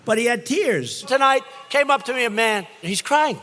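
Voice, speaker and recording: A president speaks at rallies and events in large halls and arenas, telling boastful stories in repetitive, punchy short phrases. His very high voice is expressive, bright, and pushed, at normal speed, and the recording carries the long reverb of big rally venues.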